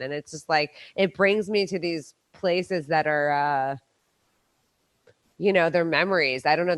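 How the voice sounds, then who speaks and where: A woman's voice: on the low side, a bit bright. Female host, playful and upbeat, online cooking chat show. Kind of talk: casual chat over video call.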